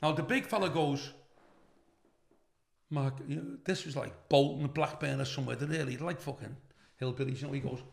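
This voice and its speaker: A man's voice: medium pitch, steady tone, fast talker, vocal fry, few pauses. A middle-aged man, a comedian telling stories as a guest, swearing freely and laughing along as he talks. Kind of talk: anecdotal storytelling. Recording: roomy echo.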